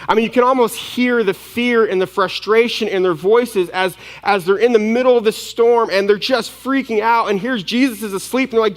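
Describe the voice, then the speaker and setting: High-voiced man preaching a sermon. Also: normal speed, big-room sound. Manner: dramatic, swings from hushed to loud; acts out the disciples' panicked voices. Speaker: pastor.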